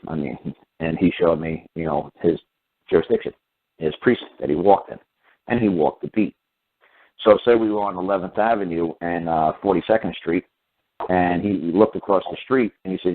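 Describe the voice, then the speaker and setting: A man hosting a show, telling a long rambling story in a blunt, repetitive way and acting out the people he quotes. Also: deep voice. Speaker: show host. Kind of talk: rambling monologue. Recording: phone-like narrow audio.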